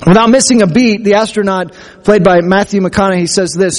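A man's voice: high-pitched, brisk. A man preaching a sermon as pastor, earnest and conversational, speaking to his congregation. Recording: long hall reverb.

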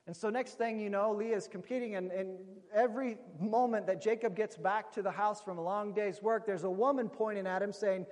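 A man's voice: sits high, fairly even intonation, brisk, few pauses, darkish tone. A man preaching a sermon, retelling a story in a conversational way and calling his listeners friends. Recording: long reverb of a large hall.

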